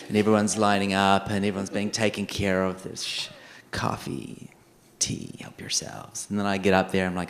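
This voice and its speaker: A filmmaker on a festival panel, telling a long story and acting out the other people in it. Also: male voice, low voice, moderate pace, few pauses, a little hiss or hum. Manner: animated, acts out the other people in his story.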